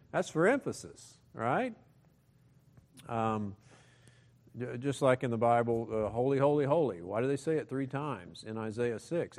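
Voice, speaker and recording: A man preaching a sermon to his church in a conversational way, with joking asides, who booms out when he quotes scripture. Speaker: pastor.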